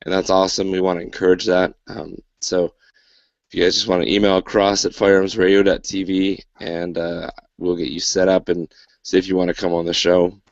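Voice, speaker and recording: A man's voice: deep voice, level tone, fairly quick, gravelly, no echo, lo-fi sound. A man hosting a casual podcast, talking loosely with lots of fillers and dry sarcasm. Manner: rambling, filler-heavy, wry sarcasm. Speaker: podcast host.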